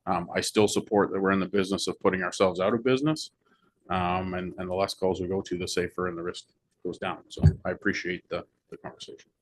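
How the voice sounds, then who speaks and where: This fire chief's low-sitting voice stays fairly even as he gives measured explanations to a council meeting, with fillers cropping up often.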